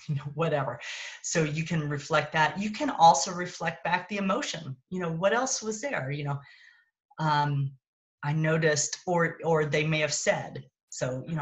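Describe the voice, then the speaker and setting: A woman with a low voice gives a casual parenting talk over a phone mic. She thinks out loud, stops to rephrase, and keeps a relaxed, conversational flow. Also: normal speed, poor audio. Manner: conversational, thinks aloud and corrects herself. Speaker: parenting coach. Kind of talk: casual teaching talk on a live stream.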